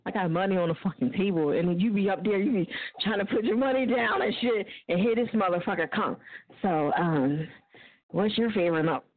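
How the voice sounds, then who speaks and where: Woman radio host, brash and profane, quick laughs, tinny lo-fi sound. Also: mid-range voice, no echo. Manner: blunt, profane, laughing often. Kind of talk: casual talk radio rant. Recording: dry, phone-like lo-fi line.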